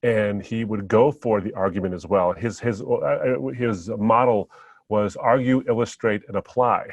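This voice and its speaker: Man, podcast guest, reflective storyteller, low voice, dry sound. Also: a little slow, dry recording. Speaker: ministry speaker, guest. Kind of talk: podcast conversation.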